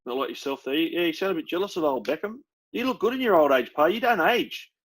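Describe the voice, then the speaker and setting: A man's voice: fairly high pitch, lively intonation, quick pace, a bit bright, rough recording. A young Australian man co-hosting a podcast, chatting casually, bluntly and enthusiastically, with some swearing. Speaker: podcast co-host. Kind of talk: casual chat.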